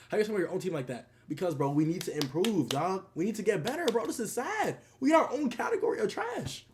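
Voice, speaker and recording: A man playing a young pro football player griping about his losing team on a livestream bit. The voice sits a bit high and swings wide with exasperation, breaking into laughter between complaints. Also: sing-song, fairly quick, noisy background. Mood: mock frustrated.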